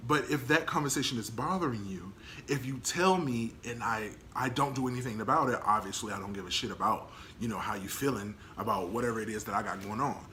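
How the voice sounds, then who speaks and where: A man's voice: lowish voice, quick pace, bright, forceful tone, a little hiss or hum. A man talking casually to camera in a blunt, candid, slangy way, laughing now and then. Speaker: vlogger.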